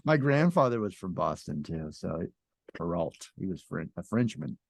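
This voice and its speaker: A man's voice: deep voice, big pitch swings, moderate pace, gravelly, no echo. Eager interviewer man, dry sound. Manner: enthusiastic, curious interviewer. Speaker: podcast host. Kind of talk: casual interview chat.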